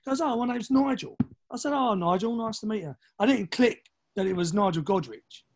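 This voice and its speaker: Man, London accent, higher-pitched voice, casual podcast storytelling, animated, acts out other people's voices. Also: fairly quick. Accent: London English. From East London, England. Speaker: podcast guest, drummer.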